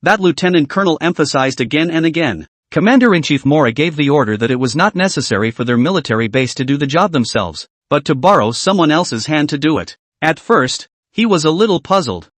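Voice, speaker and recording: Animated man narrating a comic recap. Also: a little high, brisk, hardly any pauses, no echo. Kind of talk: scripted story recap narration.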